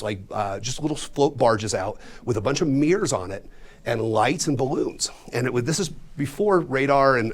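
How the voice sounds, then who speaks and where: A man in his fifties from Colorado, a magician telling a funny personal story to a live audience in a room. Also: mid-range voice. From Colorado, USA. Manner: animated, self-mocking.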